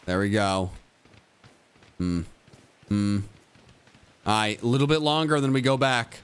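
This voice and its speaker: A man streaming a video game live, muttering to himself and joking with chat, sometimes breaking into high-pitched yelling. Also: animated, measured pace, clean tone. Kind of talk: live gameplay commentary.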